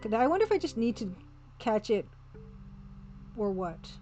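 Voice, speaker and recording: Woman, let's play streamer, chatty, amused, thinking aloud, slightly high voice. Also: very animated, moderate pace, dark tone, muffled recording, faint music behind.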